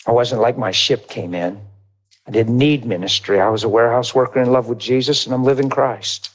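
A man's voice: mid-range voice, brisk. Man preaching a storytelling testimony. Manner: lively, conversational, acts out dialogue.

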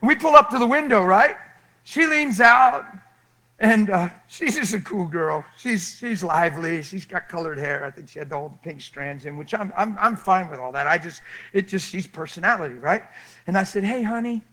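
Man, preacher, high voice, bright tone, animated storytelling. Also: normal speed, rough recording. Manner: lively storyteller acting out quotes, laughing.

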